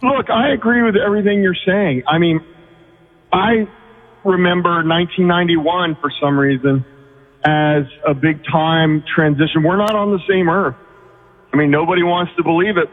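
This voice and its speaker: A man's voice: on the high side, moderate pace. A man from Oregon calling in to a radio show, speaking in an earnest, rambling way. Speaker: caller. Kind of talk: call-in radio conversation. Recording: phone line with reverb.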